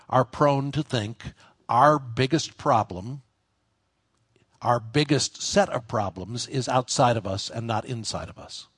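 A male pastor delivers a sermon in a conversational, explanatory tone, lifting his voice when he drives home a point. His voice sits at an ordinary middle pitch. The sound is close and dry, with no room echo. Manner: conversational preaching, rising with emphasis.

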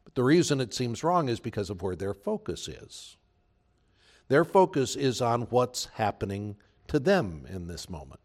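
A man's voice: mid-range voice, very animated, normal speed, darkish tone. Earnest male pastor preaching. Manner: earnest, emphatic preaching with repeated phrases. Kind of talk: sermon.

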